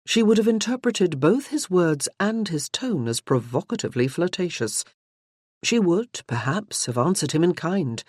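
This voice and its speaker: An audiobook narrator reading a novel in a measured, even storytelling manner. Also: mid-range voice, no room sound, studio quality. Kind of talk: scripted narration.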